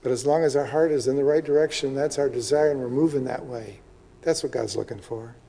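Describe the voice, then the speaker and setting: A man preaching a sermon, reading scripture slowly and often checking in with the listeners with "okay?" and "right?". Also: mid-range voice, vocal fry, warm tone. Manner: reads scripture aloud slowly with emphasis. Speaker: pastor. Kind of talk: sermon, Bible teaching.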